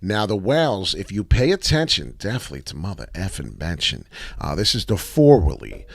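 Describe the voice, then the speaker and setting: Brash male chart streamer, lowish voice with lively swings, dry sound, rambling and profane. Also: a little fast, creaky, dry recording. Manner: brash, rambling, swears freely, breaks into sing-song. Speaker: crypto chart analyst streamer. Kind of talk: casual live chart commentary.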